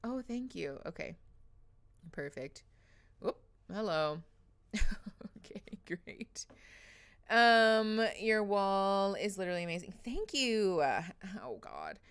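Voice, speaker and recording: A woman's voice: mid-range voice, sing-song, slow pace, clear, resonant tone. Chatty woman hosting a livestream. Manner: chatty, emotional, reading chat names aloud with laughs. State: teary after crying. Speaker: livestream host. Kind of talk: casual livestream chat.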